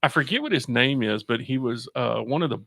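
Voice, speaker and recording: A man's voice: mid-range voice, expressive, fairly quick, bright, forceful tone, no room sound, studio quality. A man hosting a radio show in casual chat, rambling through stories with restarts and laughs. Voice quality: gravelly. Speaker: radio host.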